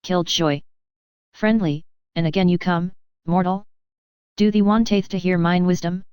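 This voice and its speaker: A woman's voice: lowish voice, steady tone, unhurried, clean tone, dry recording, lo-fi sound, close to an everyday voice. Woman as a grandiose self-styled fire demon. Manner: grandiose, archaic, self-important. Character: theatrical young woman posing as a fire demon. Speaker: audiobook reader. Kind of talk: reading character voice lines.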